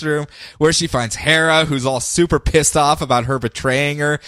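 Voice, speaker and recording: Man, podcast co-host, casual comic recap, animated and laughing, mid pitch, dry close sound. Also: normal speed, hardly any pauses, no room sound. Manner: animated, laughs often, slips into playful character voices.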